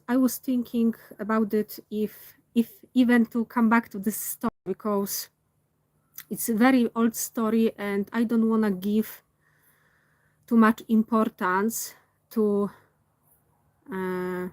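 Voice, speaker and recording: Non-native English woman, reflective vlog monologue, slow and searching, dry close sound. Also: medium pitch, steady tone, dry recording. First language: not English. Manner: thoughtful, pauses to search for words. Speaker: vlogger.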